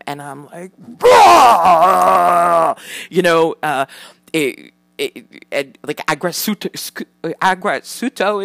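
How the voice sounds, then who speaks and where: A woman with a low voice talks frankly and at length to the camera. She swears freely, trails off and restarts with many fillers. The sound is close and dry. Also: no echo. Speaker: parent. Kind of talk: candid personal vlog.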